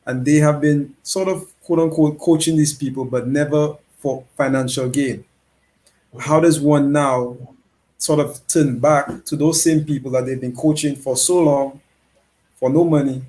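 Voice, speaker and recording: A man asking an interview question in a relaxed conversational way, often hedging with "sort of". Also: medium pitch. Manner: relaxed, uses hedges like "sort of".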